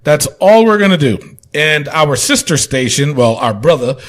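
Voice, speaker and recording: A man's voice: fairly high pitch, very animated, moderate pace. A man hosting a casual wrestling podcast, joking around, laughing often and swearing casually. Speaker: podcast host.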